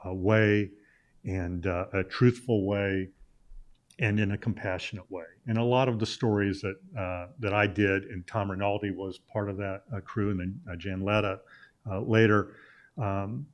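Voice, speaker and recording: A middle-aged man from Illinois, a sports journalist, is a guest on a talk show telling a long, casual, rambling anecdote loaded with "uh" fillers and restarts. His voice is fairly low with a steady tone, at a moderate pace.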